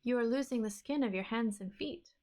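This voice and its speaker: A resolute young giant's daughter, as a woman reader puts her on gives earnest, urgent orders in a lifted, higher voice. She sounds like a storybook heroine taking charge. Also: a little fast, a little mellow, natural voice. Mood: coaxing.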